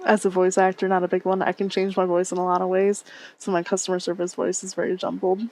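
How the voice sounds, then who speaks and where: A woman's voice: on the low side, monotone, fast, a little mellow. A woman streamer chatting casually with her viewers on a headset mic, reading and answering chat and laughing often.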